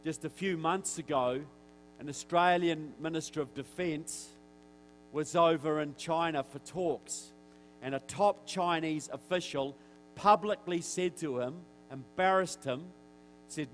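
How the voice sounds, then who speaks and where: A man with a New Zealand accent giving a direct, forceful speech to an audience in a church, with wry asides. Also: on the high side, unhurried, slight background noise, low-quality recording. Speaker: guest speaker. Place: church hall.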